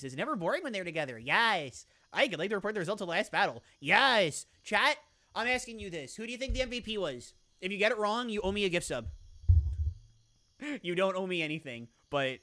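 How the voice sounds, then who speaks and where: A woman's voice: medium pitch, sharp tone. A woman streamer giving playful, bubbly live commentary while playing a game.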